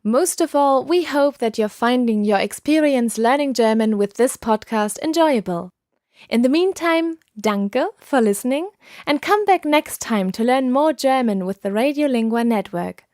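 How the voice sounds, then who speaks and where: A woman teaching a scripted podcast language lesson, speaking patiently and enunciating clearly. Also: on the high side, expressive, normal speed, darkish tone, no echo, studio quality.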